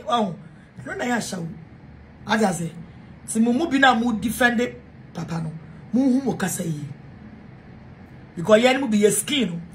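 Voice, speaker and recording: A woman's voice: a little high, a little hiss or hum. Heated Ghanaian woman ranting. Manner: heated, repetitive, switches between English and Twi. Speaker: self-styled preacher. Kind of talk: angry rant to camera.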